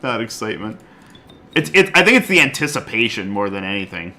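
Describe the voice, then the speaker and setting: A man streaming a card game live, chatting excitedly, laughing often and swinging from loud outbursts to quiet muttering. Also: lowish voice, fairly quick. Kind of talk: live gameplay commentary.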